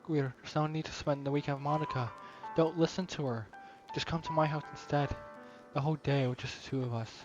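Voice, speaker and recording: A man's voice: a little high, steady tone, fairly quick, faint music behind, lightly acted. A man reading as an obsessive shy girl. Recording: dull lo-fi recording.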